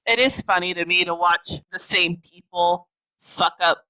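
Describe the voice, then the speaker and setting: A wry podcast co-host who laughs often and swears lightly in casual chat. The voice is bright and middling in pitch, and it sits a little back from the microphone. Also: steady tone, unhurried, far from the mic, poor audio.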